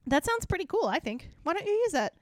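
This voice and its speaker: A woman's voice: sits high, expressive, quick pace, no room sound, studio quality, voice pushed up. A woman voicing a gushing, overeager teenage girl who squeals her lines. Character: gushing excitable teen girl narrator.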